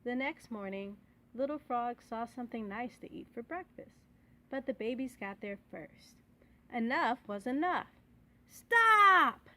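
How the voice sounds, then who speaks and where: A woman reading children's bedtime stories aloud in a clear, expressive way. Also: a little high, measured pace. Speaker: storyteller.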